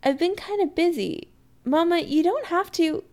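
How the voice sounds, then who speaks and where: A woman's voice: extremely high pitch, moderate pace, a little mellow, voice pushed up. Woman reading as a flustered exasperated young man. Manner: exasperated, pleading.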